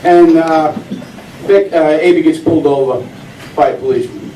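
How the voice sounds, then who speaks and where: A man's voice: fairly high pitch, moderate pace, mellow. A man telling jokes to a small audience in a folksy storyteller's way, putting on the voices of his characters. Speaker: joke teller. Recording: echoey room, mic at a distance, noisy.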